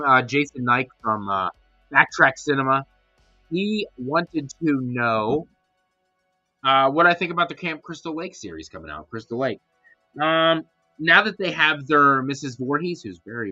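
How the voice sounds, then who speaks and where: A man hosting a horror podcast in casual live-stream chat, rambling and excitedly answering messages from viewers. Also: on the high side, no room sound, muffled recording.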